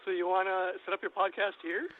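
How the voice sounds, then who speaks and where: American guy at a bar on the phone, highish voice, polite and short, tinny phone sound. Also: flat delivery, fairly quick. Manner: polite, plain and brief, now and then laughing. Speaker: bar worker taking a call.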